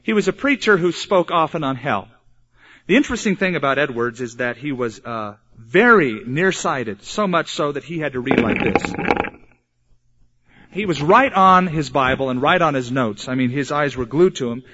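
A man preaching an earnest sermon, slowing down hard for emphasis. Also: a little high, animated, bright, forceful tone. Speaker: pastor. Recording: dull lo-fi sermon recording.

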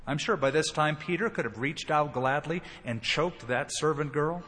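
A man's voice: fairly high pitch, moderate pace. A man preaching a sermon, acting out the quoted lines as he retells the story. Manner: expressive, acts out quoted lines. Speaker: pastor. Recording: long hall reverb.

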